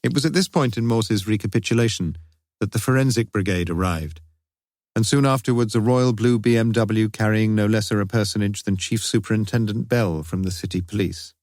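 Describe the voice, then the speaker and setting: A man reading an audiobook detective novel in a measured, wry narration. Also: fairly low pitch, a little mellow, no echo, clean studio sound. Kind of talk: scripted narration.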